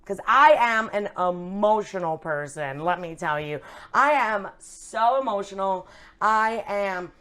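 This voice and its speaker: A woman's voice: mid-range voice, expressive, a little slow, pushed and bright. A woman, an actress, speaking openly and earnestly about her feelings in a casual interview chat, with plenty of fillers. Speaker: actress, guest.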